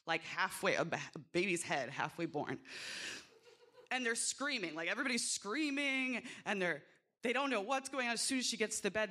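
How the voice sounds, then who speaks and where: Animated woman telling a story. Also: mid-range voice. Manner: animated, swearing, acts out quotes. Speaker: doula. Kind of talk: live storytelling.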